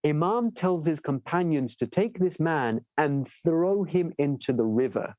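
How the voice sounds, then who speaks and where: A man giving a sermon, telling stories with animated delivery and asking listeners "right?" as he goes. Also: a little high, unhurried, dry recording, low-quality recording. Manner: animated storyteller, acts out voices in tales. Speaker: shaykh giving a majlis lecture. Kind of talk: sermon with storytelling.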